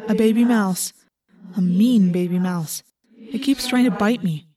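A woman reading as a boy stuck in hawk form, calling down calm, plain directions. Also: mid-range voice, a little slow, lightly acted.

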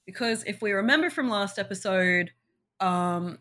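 A woman's voice: mid-range voice, normal speed, pushed and bright. A young woman co-hosting a podcast, recapping a show in casual chat with sarcastic asides and frequent laughter. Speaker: podcast co-host.

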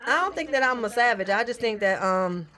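A woman comedian chats casually, spinning animated stories. She talks fast in a fairly high voice and slips into the people she describes. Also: a little hiss or hum. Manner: animated storytelling, acts out quoted voices. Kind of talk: casual chat.

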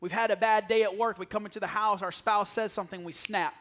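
A man preaching a sermon to a church, telling lively stories and dropping to a near whisper for asides. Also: high voice, fast talker. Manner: animated storytelling, drops to a near whisper for asides. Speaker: pastor. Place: church sanctuary.

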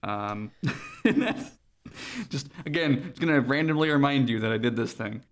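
A man's voice: medium pitch, moderate pace. A man co-hosting a podcast, talking casually in a rambling way with frequent laughs. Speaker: podcast co-host. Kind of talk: casual chat.

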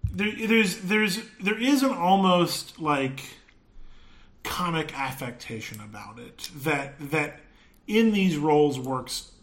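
A podcast co-host in easy conversation. The voice moves up and down a great deal in pitch, and the delivery is teasing and playful, with ready laughter. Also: expressive, slow. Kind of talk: casual chat.

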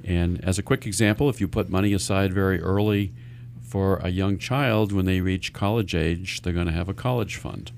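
A man's voice: low-pitched, normal speed, vocal fry, darkish tone, a little hiss or hum. A man hosting a radio talk show as a financial advisor, explaining earnestly and often restarting his sentences.

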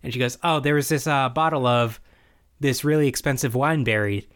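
A man's voice: mid-range voice, fairly quick. Man animatedly recapping a show. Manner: animated recapping, acts out quoted lines. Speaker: podcast co-host recapping a show. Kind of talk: casual chat.

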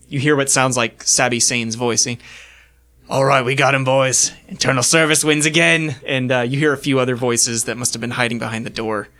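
A man narrating a tabletop role-playing game as game master, with a relaxed storytelling manner and plenty of fillers. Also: medium pitch.

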